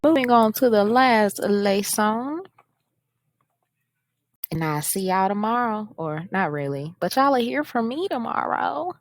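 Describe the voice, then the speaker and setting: A woman's voice: on the high side, lively intonation, measured pace. A woman hosting a casual coding walkthrough, chatty and self-mocking as she reads the instructions aloud. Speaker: coding tutorial host. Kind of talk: casual screen-share walkthrough.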